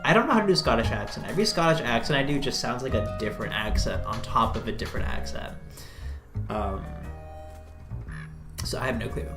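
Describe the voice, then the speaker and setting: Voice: medium pitch, brisk, a bit bright, soft background music. A streamer giving casual, joking, sarcastic commentary while playing a cozy game. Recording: roomy echo.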